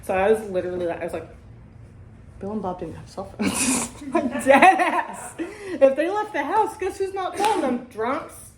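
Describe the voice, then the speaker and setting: A woman's voice: sits high, expressive, normal speed, crowd noise. A woman hosting a casual talk about recovery and sponsoring, blunt and profane, often tagging her points with "right?". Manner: blunt, heavy swearing, keeps asking "right?". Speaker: podcast host and sobriety sponsor. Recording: roomy echo.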